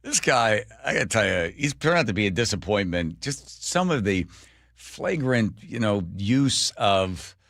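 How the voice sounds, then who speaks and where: A male talk radio host with a deep voice that swings up and down as he tells stories. He jokes wryly and chats casually. The studio sound is dry and close. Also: a little slow, dry recording. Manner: wry, joking, animated storyteller.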